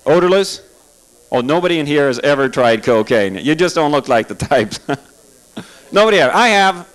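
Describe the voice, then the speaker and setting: A man's voice: fairly high pitch, expressive, normal speed, fairly bright tone, poor audio. A man doing a stand-up comedy set in a club, sarcastic and chatty, asking the crowd questions.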